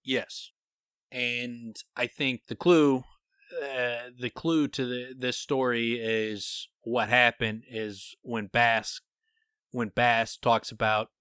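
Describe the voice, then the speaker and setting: A man co-hosting a podcast, animatedly thinking out loud as he retells and theorizes about scenes from a book. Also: medium pitch, no echo. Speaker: podcast co-host. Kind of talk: casual podcast discussion.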